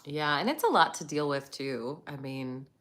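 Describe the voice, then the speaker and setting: A woman's voice: low voice, lively intonation, normal speed, fairly bright tone. A woman hosting a casual live chat, greeting viewers by name and laughing often as she talks. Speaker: livestream host.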